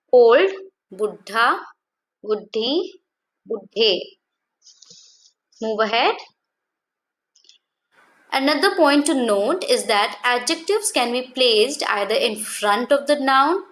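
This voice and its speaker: A woman gives a language lesson in a slightly high voice. She explains step by step, poses rhetorical questions, and corrects her own slips along the way. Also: a bit bright, low-quality recording. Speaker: language teacher.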